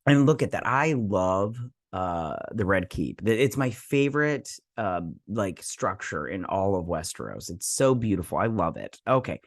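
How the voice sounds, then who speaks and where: A man's voice: low-pitched, big pitch swings, a little slow, no room sound, studio quality. A man hosting a casual review channel, recapping a TV episode in a rambling, chatty way with lots of fillers and some mild swearing. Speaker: show host reviewing a TV episode.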